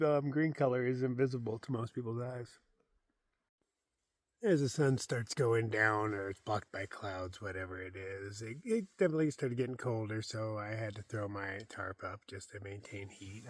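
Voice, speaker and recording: A man with an ordinary middle-pitched voice chats casually to a handheld camera from his hammock in the woods. He rambles, jokes at his own expense and often lets his words fade into a low mumble. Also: sharp tone, dry recording. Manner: rambling, self-deprecating, often trails off into a mumble. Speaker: solo thru-hiker vlogger. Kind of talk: casual outdoor vlog monologue. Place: in a hammock camp in a forest, outdoors.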